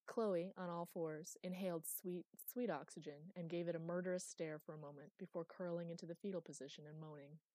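A woman narrating an audiobook in a steady, wry storytelling manner. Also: fairly low pitch, fairly quick, hardly any pauses, no room sound. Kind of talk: scripted narration.

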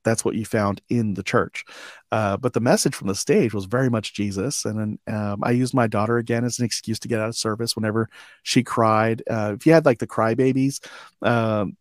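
A man in his forties, a veteran guest on an interview show, tells lively anecdotes and acts out the dialogue with frequent chuckles. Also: lowish voice, a little fast, no echo, studio quality. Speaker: podcast guest, army veteran. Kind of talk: storytelling interview.

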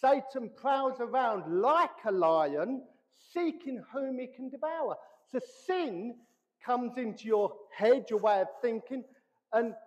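A man preaching a sermon as pastor, animated, acting out the voices he quotes. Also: very high voice. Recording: reverberant hall, dull lo-fi sound.

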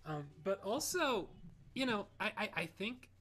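A man from Ohio, a composer and pianist, telling a story as an interview guest in an animated, rambling way, full of "like" and restarts. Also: high-pitched, measured pace. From Ohio, United States. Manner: animated, full of "like" and "you know", many restarts. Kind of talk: reflective conversational storytelling.

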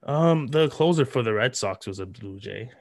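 A man hosting a sports podcast, chatting casually with halting speech and many fillers. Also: medium pitch, expressive, a little mellow, dry recording, clean studio sound. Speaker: podcast host.

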